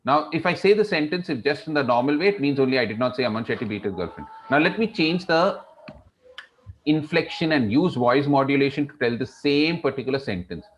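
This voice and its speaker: A male instructor teaching a public speaking class online. He leans hard on particular words and uses dramatic pauses to make his points. The audio comes through a video call. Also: mid-range voice, expressive, highs cut off. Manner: strongly varied emphasis, dramatic pauses. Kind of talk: online class lecture with storytelling.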